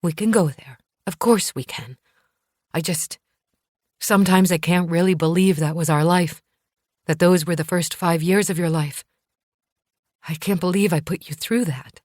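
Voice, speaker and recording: A woman's voice: fairly low pitch, moderate pace, long pauses, a little mellow, dry recording, studio quality, natural voice. A woman reading as an anxious aging mother. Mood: tender.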